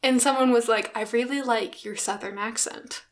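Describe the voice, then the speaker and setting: A woman's voice: a little high, steady tone. Chatty, giggly young woman podcaster. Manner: chatty, giggly, quick asides. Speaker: podcast co-host. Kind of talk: casual chat.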